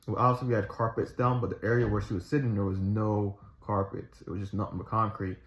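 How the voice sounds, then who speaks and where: Lowish-voiced man telling a personal testimony. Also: flat delivery, quick pace, fairly bright tone, a little hiss or hum. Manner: rambling, restarts and fillers, earnest retelling. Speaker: Christian storyteller. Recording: echoey room, slightly dull sound.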